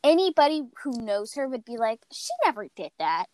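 A woman's voice: on the high side, a little fast, dry recording, rough recording. A young woman hosting a podcast, telling a story in casual chat and acting out what people said. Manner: animated storytelling, acts out quotes. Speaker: podcast host.

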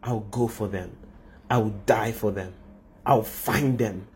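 A man voicing a calm, resolute savior who speaks quietly and solemnly. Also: on the low side, slow pace, slight background noise, voice pushed down.

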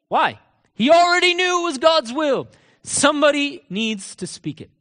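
Preaching in a notably high voice, a man fires off rhetorical questions and presses every point hard, now and then dropping into a low, quiet aside. He is very animated yet keeps a measured pace. The long echo of a large church hall carries his words.

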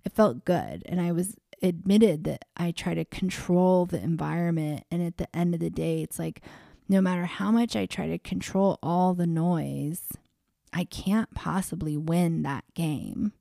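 Gravelly low-voiced woman, calm reflective talk. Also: no room sound, clean studio sound. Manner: calm, unhurried, with frequent likes and pauses. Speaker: vlogger.

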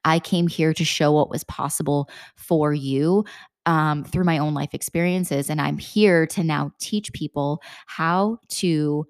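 A young woman with a low voice talks earnestly as a mindset coach for mothers. She keeps stacking questions and drops the occasional swear word. The recording is dry and close. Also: a little slow, clean tone, dry recording. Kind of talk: motivational talk.

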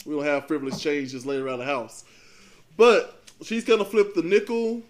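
A man's voice: a little high, expressive, normal speed. A man hosting a casual podcast, easygoing and joking with his co-host.

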